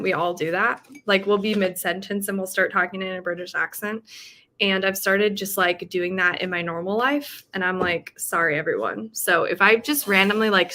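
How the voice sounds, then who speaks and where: A woman's voice: medium pitch, sharp tone, a little hiss or hum. A woman hosting a casual livestream, chatting about books and reading viewer comments with lots of fillers. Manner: chatty, with frequent fillers and laughs. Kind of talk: casual chat.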